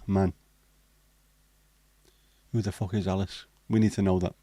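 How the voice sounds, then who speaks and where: A man's voice: low-pitched, level tone, measured pace, long pauses, mellow, dry recording. A man from England hosting a livestream, reading out the chat with blunt, sweary banter. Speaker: livestream host. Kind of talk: casual live chat reading the chat.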